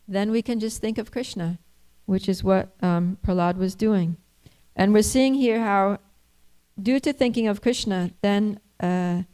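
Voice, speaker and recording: A woman's voice: medium pitch, a little mellow, clean tone, low-quality recording. Woman doing a scripture class, chatty, lots of ums, reading then explaining. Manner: conversational, with frequent fillers. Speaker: religious class speaker.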